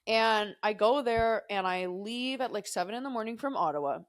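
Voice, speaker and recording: In studio-quality audio without room sound, a young woman with a slightly high voice speaks at normal speed as a podcast co-host. She chats casually, spinning a digressive, foul-mouthed, rambling tale.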